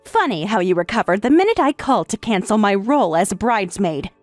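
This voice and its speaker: A woman voicing a calm, sarcastic wife in a text-message story, speaking in a matter-of-fact way. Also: mid-range voice, fairly quick, no echo, faint music behind, close to an everyday voice. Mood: cool, sarcastic. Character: calm, sarcastic wife who has left her husband.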